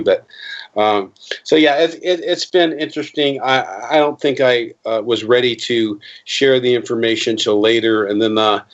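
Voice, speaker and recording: Rambling middle-aged man on a dull recording. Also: lowish voice. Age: 50s. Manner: rambling, with many restarts and fillers; animated, acting out quoted voices. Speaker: interview guest. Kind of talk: casual storytelling interview.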